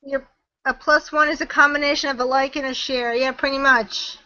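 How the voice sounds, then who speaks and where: Woman guest, webinar Q&A over video call; high, bright, slow and chatty, trails off. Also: fairly even intonation, lo-fi sound. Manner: chatty, laughs often, trails off mid-sentence. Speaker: guest marketing trainer. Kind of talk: webinar Q&A chat.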